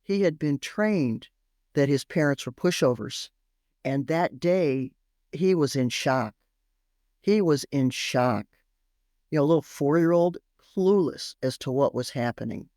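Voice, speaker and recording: A middle-aged woman, a parenting expert, telling stories on a podcast in an animated, emphatic way that repeats phrases for effect. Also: low voice, a little slow, no room sound, clean studio sound. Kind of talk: storytelling podcast interview.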